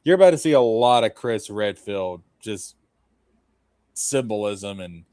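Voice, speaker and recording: A man's voice: on the low side, lively intonation, measured pace, darkish tone, no room sound. A man hosting a casual reaction stream, profane and joking, laughing often. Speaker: host.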